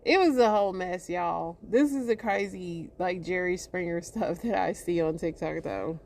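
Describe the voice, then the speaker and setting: Give me a woman hosting casual commentary who sounds chatty, hesitant and exasperated. Her voice sits fairly low for a woman. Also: normal speed, darkish tone, slight background noise. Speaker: commentary host.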